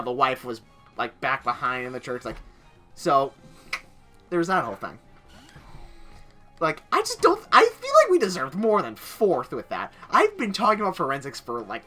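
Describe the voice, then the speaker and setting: A young man with a fairly high, pushed, bright voice narrates casually over gameplay as a gaming channel host, rambling through a story full of filler words.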